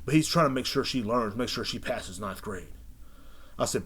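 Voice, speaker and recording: A man's voice: fairly low pitch, normal speed, slightly rough. A man hosting a casual podcast, ranting in a brash, profane, rambling way. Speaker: podcast host.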